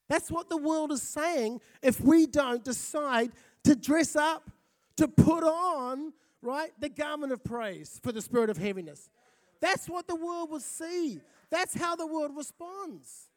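A pastor who grew up in Fiji, giving a lively, conversational sermon and often checking in with listeners. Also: male voice, very high-pitched, a little slow. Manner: lively, conversational, often asks the crowd "right?".

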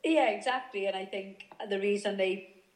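A woman's voice: medium pitch, normal speed, reverberant. A woman in her thirties from Wales, a footballer talking as a guest on a remote call, hesitant with many fillers and restarts. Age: 30s. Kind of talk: remote interview chat.

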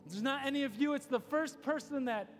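A man's voice: extremely high pitch, a little fast. A pastor giving a casual, story-driven sermon, acting out the quoted lines as he goes. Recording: long reverb of a hall, faint music.

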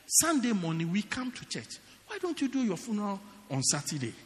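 A man's voice: high-pitched, wildly swooping pitch, a little fast, in a large hall. A man preaching a sermon as pastor, in a teasing, joking, conversational way.

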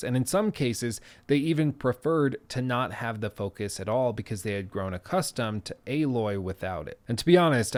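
A man giving scripted commentary with casual, self-deprecating asides, in an analytical, conversational way. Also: on the low side. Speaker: video essayist.

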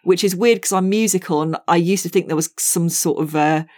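A woman's voice: lowish voice, a little fast, darkish tone. A woman with a Midlands accent, an actor on a podcast as a guest, chatting casually and self-deprecatingly with frequent ums. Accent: English Midlands. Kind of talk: casual chat.

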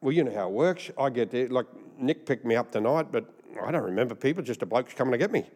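A man's voice: medium pitch, expressive, fast talker, darkish tone. A male pastor with an Australian accent, preaching a humorous storytelling sermon. He rambles through jokey stories and laughs at his own punchlines. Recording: long hall reverb.

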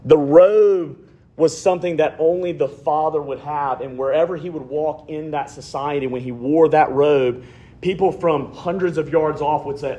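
Preacher, male, slightly higher voice with a husky edge, dynamic delivery that swings from urgent to hushed. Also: steady tone, moderate pace. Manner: swings from loud emphatic preaching to hushed near-whispers. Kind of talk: sermon.

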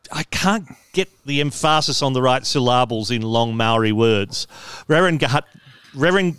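A man hosts a comedy podcast with a smooth, clear voice. His sound is close and dry with no room around it, and his chat is playful, teasing and quick to mock himself. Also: mid-range voice, a bit bright, no room sound. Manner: playful, self-mocking, teasing. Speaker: podcast host.

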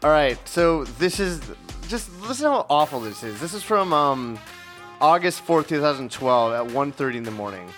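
A man's voice: on the high side, animated, moderate pace, fairly bright tone, faint music behind. A man in his late twenties co-hosting a radio show, chatting casually, swearing freely and laughing at his own younger self. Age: late 20s.

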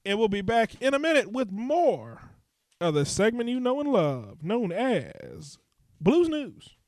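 Give me a high-pitched man hosting a comedy podcast in a dry studio sound. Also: sing-song, moderate pace, dry recording. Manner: announcing, laughing often. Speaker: podcast host. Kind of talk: casual comedy banter. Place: home basement studio.

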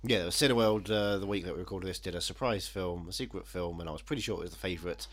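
A man hosting a podcast, chatting casually with animated, sardonic rants. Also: deep voice, fast talker. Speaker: podcast host. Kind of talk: casual chat.

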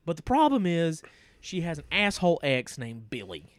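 A man's voice: on the high side, moderate pace, no echo. A man, casually recapping a movie as podcast co-host, laughing often. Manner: laughs often, animated storytelling.

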